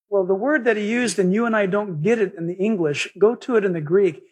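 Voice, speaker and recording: Husky, high-voiced preaching pastor. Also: male voice, normal speed, long pauses. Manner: animated preaching, acting out quoted voices. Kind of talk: sermon.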